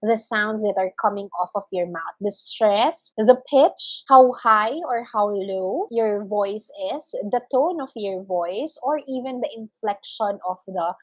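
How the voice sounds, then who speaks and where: A woman's voice: mid-range voice, a little slow, few pauses, dry recording, low-quality recording. A woman teacher giving a recorded lesson, explaining patiently and leaning on fillers like "of course" and "okay".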